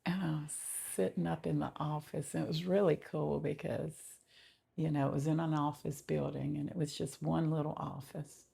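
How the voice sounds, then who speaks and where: A middle-aged woman giving a slow, heartfelt personal faith testimony, often dropping to a whisper. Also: deep voice, flat delivery, warm tone. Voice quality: gravelly and very husky. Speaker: testimony vlogger.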